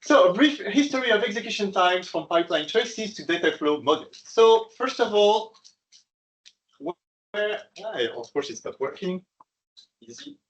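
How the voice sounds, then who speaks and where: A man's voice: high-pitched, lively intonation, moderate pace, a bit bright, low-quality recording. A middle-aged man from France with a French accent, giving an academic lecture, hesitant with many fillers and light self-mocking jokes. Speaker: researcher giving a colloquium talk. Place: lecture room.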